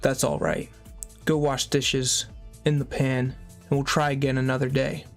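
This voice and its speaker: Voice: medium pitch, little pitch movement, unhurried, faint music behind, close to an everyday voice. A reader doing a stern male counselor. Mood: coolly scolding. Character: stern male rehab counselor, calm and cutting. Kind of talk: reading a memoir aloud.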